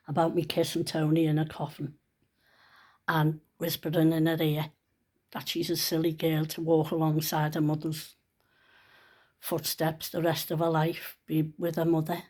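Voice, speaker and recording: A woman's voice: deep voice, a little mellow. Earnest woman in her sixties telling a story. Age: 60s. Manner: chatty, earnest, folksy storytelling. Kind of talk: casual storytelling vlog. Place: at home, sitting on a sofa.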